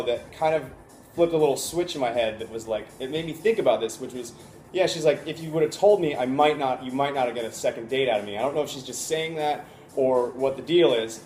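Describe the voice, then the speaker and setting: A man in his twenties telling a story in a casual vlog, animated and full of fillers like "like" and "you know". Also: mid-range voice. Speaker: vlogger. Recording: echoey room, faint ambient noise.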